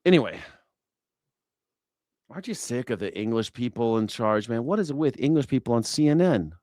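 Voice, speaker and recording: A man's voice: medium pitch, animated, normal speed, warm tone, dry recording, clean studio sound. A man hosting a news reaction show, talking in a profane, sarcastic, rambling way. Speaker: host.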